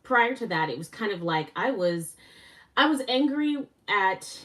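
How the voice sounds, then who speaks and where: A woman hosting a casual live stream, excitable and a little winded, laughing often and gushing with thanks. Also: medium pitch, unhurried, distant mic. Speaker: livestream host.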